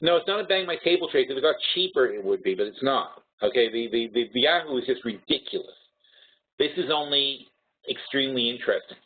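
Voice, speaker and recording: A trading webinar host with a mid-range, breathy-edged voice speaks briskly and with animation. His tone is blunt as he crunches numbers aloud with many false starts, and the recording has a tinny, phone-like quality.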